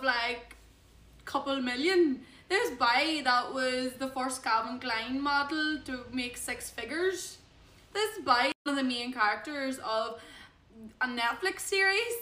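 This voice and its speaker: Young Irish woman, gossipy get-ready-with-me vlogger, slightly high voice, bright tone. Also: a little slow. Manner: chatty, animated gossip with big pitch swings. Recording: echoey room.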